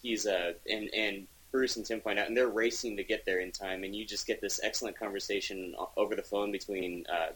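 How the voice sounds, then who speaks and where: Guy with a husky lowish voice, gushing and rambling on a casual podcast. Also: fairly even intonation, fairly quick, hardly any pauses, a bit bright, poor audio. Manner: enthusiastic, rambling with frequent restarts. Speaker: podcast co-host reviewing comics. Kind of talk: casual chat.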